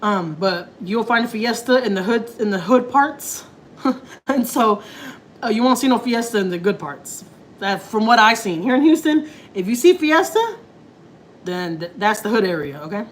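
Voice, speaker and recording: A woman's voice: on the high side, expressive, moderate pace, a little hiss or hum, poor audio. A woman chatting casually to her live viewers while cooking in her home kitchen. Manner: chatty, slangy, laughing asides. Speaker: family vlogger.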